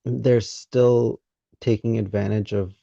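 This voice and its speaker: A man hosts a conversational podcast interview, speaking in a measured, deliberate way and pausing mid-thought. His voice is low and gravelly with a dark, mellow timbre. The sound is dry and dull, like a lo-fi call recording. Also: steady tone, no room sound. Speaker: podcast host.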